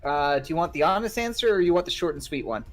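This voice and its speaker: A woman's voice: deep voice, expressive, fast, soft background music. Hesitant woman at a tabletop game. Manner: hesitant, lots of fillers. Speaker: tabletop player. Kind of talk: casual tabletop role-play.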